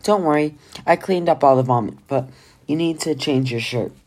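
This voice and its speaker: A reader voicing a kind, fussy male healer who reassures gently while fretting in a storybook read-aloud. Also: medium pitch, moderate pace, natural voice. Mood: reassuring. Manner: gently reassuring, a bit fretful.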